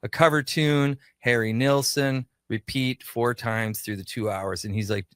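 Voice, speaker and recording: A man's voice: fairly low pitch, fairly even intonation, moderate pace, hardly any pauses, fairly bright tone, no room sound. A man from Minnesota, a radio show creator and guest, telling anecdotes casually in a studio and acting out the dialogue. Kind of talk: casual storytelling.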